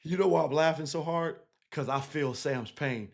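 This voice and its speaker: A man, a basketball coach, casually breaking down game film, animated and laughing easily, tagging points with 'right?'. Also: a little high, moderate pace, creaky. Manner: animated, keeps checking in with 'right?' and 'again'; laughs easily while explaining.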